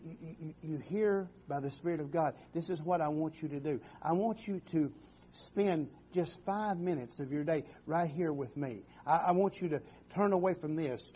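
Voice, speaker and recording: A man preaching a sermon in a church, halting and repeating words, often calling out for an amen. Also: on the high side, dark tone, slight background noise.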